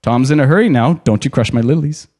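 A man's voice: mid-range voice, fast talker, warm tone, natural voice. A man voicing a jolly, carefree old forest spirit with a rustic, sing-song way of speaking in a storybook reading. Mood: hearty.

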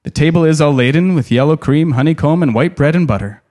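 A man's voice: on the high side, quick pace, darkish tone, lightly acted. A man voicing a jolly, carefree old forest spirit with a rustic, sing-song way of speaking in a storybook reading. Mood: hearty.

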